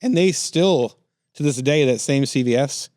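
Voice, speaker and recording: A man co-hosting a comedy podcast, telling rambling stories in an animated way. His voice sits in the middle of the male range. The recording is close and dry. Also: medium pitch, normal speed, dry recording. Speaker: podcast co-host. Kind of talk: casual comedic chat.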